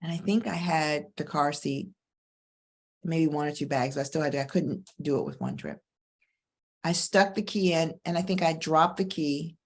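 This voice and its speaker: Middle-aged woman, divorce coach host, lower register, emphatic motivational delivery. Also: sing-song. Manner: emphatic, preacher-like cadence with slow stressed phrases. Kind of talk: motivational monologue and personal story.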